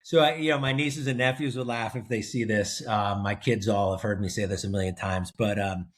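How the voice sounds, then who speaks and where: A middle-aged man, a guest in an interview, telling a family story in a relaxed way with many ums and uhs. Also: fairly low pitch, fairly quick. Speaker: guest, researcher and ultrarunner.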